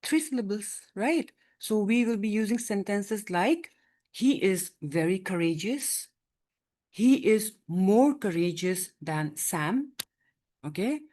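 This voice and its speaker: A woman's voice: medium pitch, animated, takes it slowly, warm tone. A woman teaching a grammar lesson in class, explaining patiently and often checking that students follow. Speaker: English teacher.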